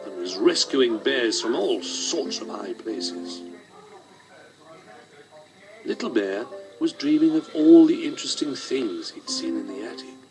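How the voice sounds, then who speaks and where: A man narrating a children's storybook, gentle and expressive, sometimes dropping to a hush. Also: medium pitch, poor audio.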